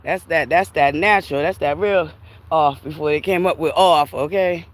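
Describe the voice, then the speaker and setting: A woman's voice: low voice, moderate pace. A woman chatting and laughing with viewers on a livestream while walking outdoors by a river, a bit winded from the heat. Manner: chatty, animated, laughs often, talks to viewers as Buttercups. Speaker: livestream host. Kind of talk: casual walking livestream chat.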